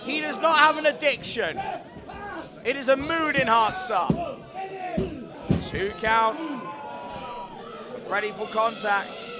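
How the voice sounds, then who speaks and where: A man calling a wrestling match live, excitable and joking, often shouting over the action. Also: very high-pitched, slow, long pauses, over loud music. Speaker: wrestling commentator. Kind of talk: live play-by-play commentary. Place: indoor wrestling venue. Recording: loud live crowd and arena noise.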